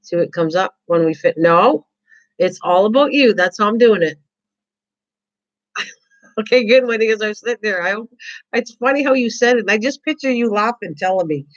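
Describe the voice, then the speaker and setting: Excitable woman on a lo-fi livestream. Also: mid-range voice, normal speed, long pauses. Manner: excitable, rambling, repeats words. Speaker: craft livestream host. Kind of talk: casual chat reading viewer comments. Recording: dull lo-fi livestream audio.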